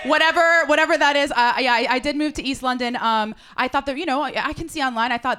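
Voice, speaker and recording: A woman's voice: sits high, quick pace, few pauses, sharp tone. A young woman doing a stand-up set in a comedy club, chatty and ironic. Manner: chatty, ironic, with playful put-on posh voices.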